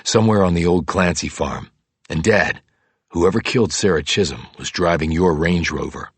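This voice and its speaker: Man voicing a terse, gravelly male investigator. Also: sits low, normal speed, dry recording. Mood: grim, terse. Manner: terse, clipped. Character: tough, driven male investigator.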